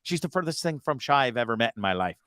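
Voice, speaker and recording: A man hosting a casual podcast, talking in profane, excitable rants and repeating himself as he gets worked up. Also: mid-range voice, fast, clean tone, dry recording. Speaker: host.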